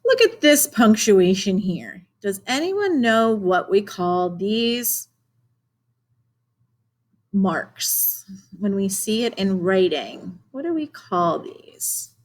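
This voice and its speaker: Woman, teacher, young adult, clear, encouraging, asks the class questions, remote lesson. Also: mid-range voice, very animated, takes it slowly. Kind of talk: remote video lesson for children.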